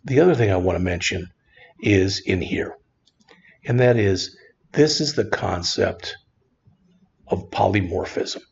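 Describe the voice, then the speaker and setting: A man teaching a screen-recorded programming lesson in a relaxed, conversational way, often saying "all right". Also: deep voice, measured pace, gravelly, long pauses, husky, highs cut off. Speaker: programming instructor.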